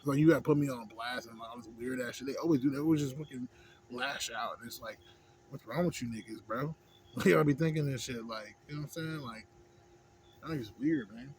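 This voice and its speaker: A man rants to camera in a loose, profane vlog monologue. He circles back on his points and keeps checking in with "you know what I'm saying." His voice sits at an ordinary middle pitch, with a faint hiss of noise behind it. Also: a little fast. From Houston, Texas. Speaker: vlogger.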